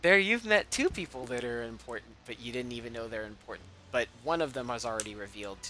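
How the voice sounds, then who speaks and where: Bright-voiced young man running a game. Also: mid-range voice, lively intonation, quick pace, soft background music. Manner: chatty, laughs often, restarts sentences. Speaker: game master. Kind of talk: running an online tabletop game session. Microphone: home microphone on a voice call.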